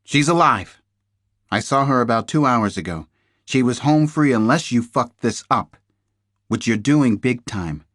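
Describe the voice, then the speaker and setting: A man's voice: medium pitch, unhurried, dry recording, clean studio sound, pitched above the performer's own voice. Man playing a stone-cold kidnappers' contact. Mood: icy. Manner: cold, flat and threatening. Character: icy heavy-set male kidnappers' contact, stone cold.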